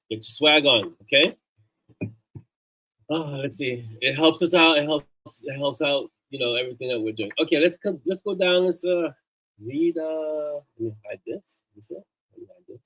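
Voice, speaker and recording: A man's voice: a little high, sharp tone, rough recording. A man hosting a casual live stream, chatty and upbeat as he plugs links and thanks his supporters. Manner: loose and off-the-cuff, with fillers and restarts. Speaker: livestream host.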